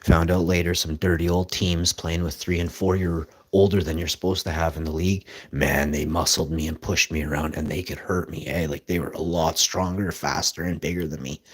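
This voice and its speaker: A man telling rambling, boastful stories as a live streamer, with bursts of loud laughter. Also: deep voice, flat delivery, fairly quick, hardly any pauses, husky. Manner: boastful, rambling, laughs loudly mid-story. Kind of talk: rambling storytelling.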